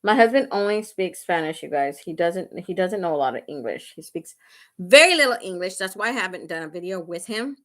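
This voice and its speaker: A woman's voice: fairly low pitch, expressive, brisk, fairly bright tone. A woman hosting a live makeup tutorial, chatting casually and laughing often as she talks straight to her viewers. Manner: talks straight to viewers, asking "right?" and "okay?". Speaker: beauty vlogger hosting a livestream.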